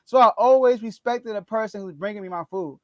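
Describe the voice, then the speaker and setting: Animated high-voiced man ranting about sports. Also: a little fast, dry recording. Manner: laughs often, animated ranting. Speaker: podcast host. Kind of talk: casual sports talk.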